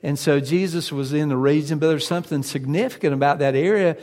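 A man's voice: fairly high pitch, fast, a little mellow, big-room sound. A male pastor preaching a sermon. He hesitates often with fillers, then builds to emphatic points.

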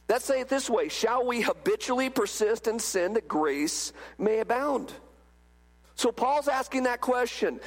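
A man's voice: sits high, in a large hall. A man preaching a sermon as pastor, emphatic and full of rhetorical questions.

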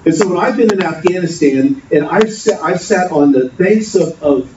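A man's voice: sits high, animated, normal speed. A man preaching a sermon, earnest and storytelling, often repeating himself. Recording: distant, dull, noisy echoey hall.

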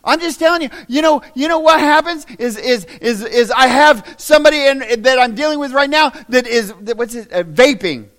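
A man with a Southern American accent preaching a sermon as pastor, plain-spoken and folksy, swinging from shouting to hushed asides. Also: very high-pitched, brisk, few pauses.

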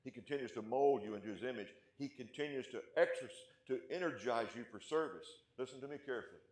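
A man preaching a sermon as pastor, asking his congregation questions and punching key points, then dropping to a hush. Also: medium pitch, fast, reverberant. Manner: emphatic, rising loud on key points, then dropping quiet; asks the congregation rhetorical questions.

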